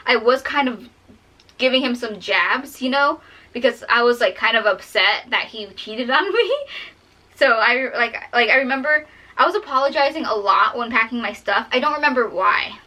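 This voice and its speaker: Young woman telling a storytime while drawing, teary, bright voice, pitched a bit high, rambles with lots of fillers. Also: expressive, normal speed, rough recording. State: tearful, fighting back tears. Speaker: storytime vlogger.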